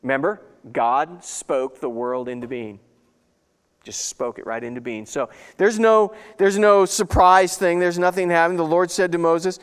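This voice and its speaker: A man's voice: fairly high pitch, moderate pace, clear, resonant tone. Folksy preacher man in a reverberant hall. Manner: folksy, conversational preaching with asides. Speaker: pastor. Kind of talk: sermon.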